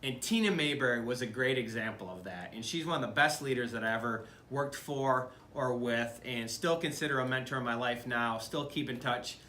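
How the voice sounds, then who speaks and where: A man's voice: medium pitch, moderate pace, hardly any pauses, bright, forceful tone, echoey room, a little hiss or hum. A middle-aged man from Michigan, a business leader talking earnestly to camera in a conversational way, with many fillers and restarts. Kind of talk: speaking to camera about leadership.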